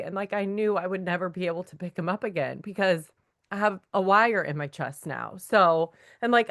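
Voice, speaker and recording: A talkative woman tells her testimony to a faith group. Her voice sits low and sounds smooth and clear. She acts out the words of the people in her story as she goes. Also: a bit bright. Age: 30s. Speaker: guest sharing her testimony. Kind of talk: personal testimony in a faith meeting.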